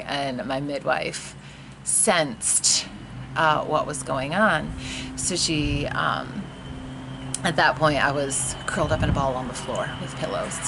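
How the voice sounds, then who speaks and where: A woman's voice: deep voice, gravelly, background noise. A woman in her thirties candidly telling the emotional story of a birth, casual and full of fillers. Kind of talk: personal storytelling.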